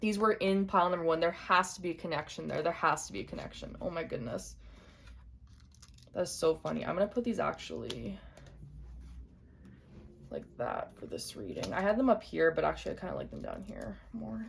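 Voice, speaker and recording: A young woman giving an intuitive tarot reading to camera, speaking gently and repeating her points straight to the viewer. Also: on the low side, sing-song, a little fast, creaky, slight background noise. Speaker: tarot reader.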